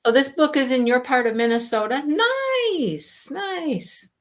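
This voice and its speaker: A woman hosting a casual live stream, chatting with viewers and telling stories in an animated way. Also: high-pitched, takes it slowly. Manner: chatty, animated storytelling, greets viewers by name. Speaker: livestream host.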